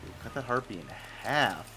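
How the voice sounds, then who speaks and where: A man's voice: medium pitch, lively intonation, normal speed, sharp tone, faint music behind. A man streaming a game and telling a long story in a casual, rambling way, with many fillers and self-corrections.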